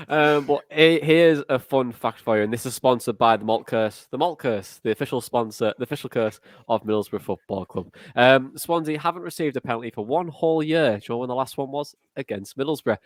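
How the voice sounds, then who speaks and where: A man's voice: mid-range voice, a little fast, no room sound. A man hosting a football podcast, upbeat and jokey as he runs the show. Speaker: podcast host. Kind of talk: casual football chat.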